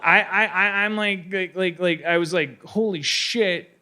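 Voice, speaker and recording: Bright rambling man telling a story on stage. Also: high voice, normal speed. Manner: rambling, stammering, animated storyteller who acts out voices. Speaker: podcast host. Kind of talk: live comedy podcast storytelling. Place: live stage before an audience.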